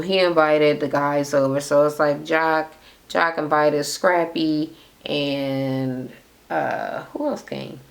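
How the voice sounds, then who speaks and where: A woman recapping a reality show in casual, profane chatter, blunt and sarcastic as she talks to camera. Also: deep voice. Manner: blunt and sarcastic, with frequent swearing.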